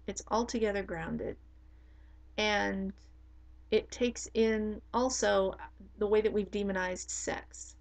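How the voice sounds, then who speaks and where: A middle-aged woman speaks in a casual monologue with blunt, emphatic conviction. Her voice sits at an ordinary pitch for a woman, with a gravelly fry running through it. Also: fairly even intonation, slow, pauses often, rough recording. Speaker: spiritual teacher.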